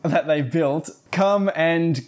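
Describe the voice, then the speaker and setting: A man's voice: a little high, slow pace, darkish tone. Rambling man recapping a plot. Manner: rambling, filler-heavy, wry asides. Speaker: story recapper.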